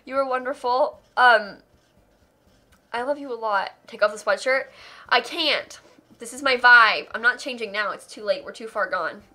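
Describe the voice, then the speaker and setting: A young woman on a live charity stream reads out donations and pours out heartfelt thanks. Her voice sits a little high and sounds crisp and bright. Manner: effusive, emotional thanks.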